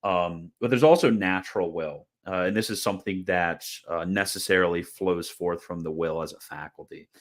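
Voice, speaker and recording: A young man with a low voice hosts a live stream at normal speed and with few pauses. He chats casually, answers viewers' questions, rambles with fillers and laughs at comments.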